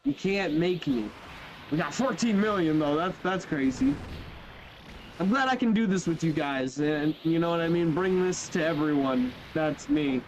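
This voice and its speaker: High-voiced young man chatting over gameplay. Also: moderate pace, a little hiss or hum. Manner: animated, chatty, says bro and yo, trails off mid-sentence. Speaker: gaming YouTuber. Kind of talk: casual let's-play commentary. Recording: faint game music behind.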